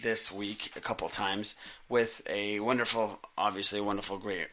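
Young man, podcast co-host, bright voice, jokey rambling chat. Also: lowish voice, little pitch movement, moderate pace. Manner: joking, rambling storyteller. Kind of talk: casual chat.

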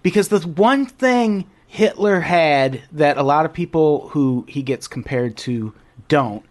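A man's voice: a little high, lively intonation, takes it slowly. A male podcast co-host talks in casual chat. He is earnest and swears freely.

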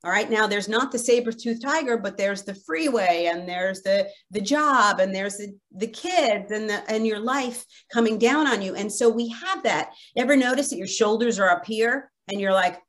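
A woman's voice: medium pitch, normal speed, few pauses, a bit bright. A woman author as a podcast guest, giving upbeat, instructive advice and counting off her steps. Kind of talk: advice in an interview.

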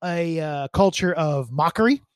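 A man's voice: a little high, lively intonation, a little slow, no room sound. Man podcast co-host, rambling, joking, dry close sound. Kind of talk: casual chat, reading listener mail.

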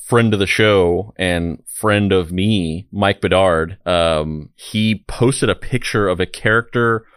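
A man's voice: low-pitched, takes it slowly, a bit bright, clean tone, no room sound, studio quality. A man co-hosting a podcast, chatting casually in a rambling way and often repeating his words. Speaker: podcast co-host.

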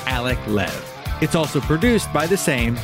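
A man hosting a podcast who reads the closing credits evenly and deadpan. His pitch still moves a lot. Clear music plays under his voice in the studio. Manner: measured, deadpan credit reading. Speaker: podcast host and producer.

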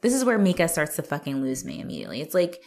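Chatty low-voiced woman. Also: huge pitch swings, very fast, a little mellow. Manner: chatty, filler-heavy, profane, laughs often. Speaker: podcast co-host. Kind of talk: casual movie-review chat.

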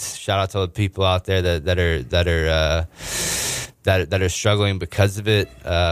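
A man's voice: sits low, clean tone, no room sound. A young man from Texas hosting a podcast, chatting casually with lots of fillers and restarts. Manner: laid-back, frequent fillers and restarts. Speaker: podcast host. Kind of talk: casual chat.

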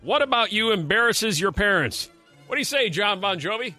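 A man's voice: sits high, expressive, fairly quick, bright, forceful tone, soft background music. A man hosting a morning radio show, joking with co-hosts and taking callers, and acting out quotes in mock voices. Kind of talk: casual radio banter.

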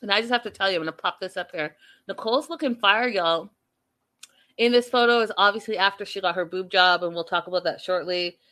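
A young woman chatting casually as she recaps a reality show, gossipy and animated, often laughing and talking straight to her viewers. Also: medium pitch, brisk.

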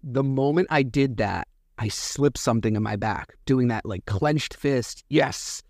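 A man's voice: medium pitch, a little slow, dry recording. A man in his thirties hosting a solo podcast in a casual, meandering way, full of ums and uhs. He acts out bits of conversation as he tells a family story. His mid-range voice sounds close and dry, with no room around it. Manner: rambling, animated retelling with many fillers. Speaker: podcast host.

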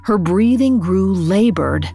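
A woman storyteller reading a scripted fairy tale aloud. Her delivery is expressive, lifting on suspenseful moments. Her pitch sits in a middle range, with soft music under her voice. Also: slow pace, gravelly, breathy edge. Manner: expressive, with rises on dramatic beats.

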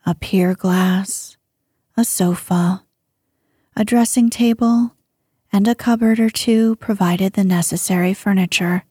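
A woman narrating a bedtime sleep story in a soothing, hushed voice that often drops to a whisper, close to the mic. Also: medium pitch, steady tone, slow pace, slightly rough, dry recording.

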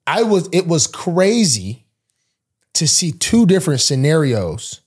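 A young man holds forth in casual podcast chat, his voice slightly husky. He swings his pitch widely, jumping high whenever he mimics someone in the story. The talk is loose and full of restarts. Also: a little slow. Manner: animated, acts out quoted voices with big pitch jumps. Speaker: podcast host, pro football player.

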